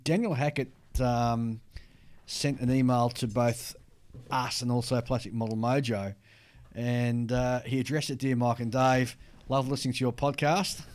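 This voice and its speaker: A man's voice: medium pitch, fairly even intonation, unhurried, darkish tone. An Australian man co-hosting a hobby podcast, chatting casually and reading out listener mail, rambling and laughing at himself. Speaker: podcast co-host.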